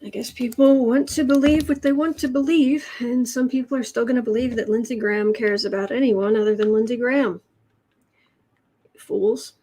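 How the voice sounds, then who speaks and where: A woman from Chicago, USA, with a Chicago accent and a fairly high, warm voice hosts a live tarot and astrology stream from a home room with adjustable lighting. She speaks at a normal speed in a steady tone, answering chat questions in a chatty, wry manner, often trailing off and starting over.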